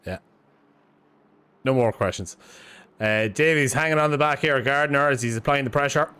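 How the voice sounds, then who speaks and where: A man's voice: mid-range voice, normal speed, pushed and bright, smooth. A man co-commentating a sim race in a casual, bantering style, laughing easily.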